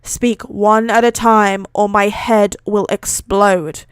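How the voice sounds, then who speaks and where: A woman voicing a tired, gruff male teacher with a weary, flat delivery in a fan-fiction reading. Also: medium pitch, normal speed, no echo, close to an everyday voice.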